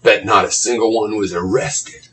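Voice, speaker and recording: A man's voice: lowish voice, steady tone, normal speed, a bit bright, low-quality recording. A man reading blog comments aloud and mocking them in a sarcastic, profane running commentary.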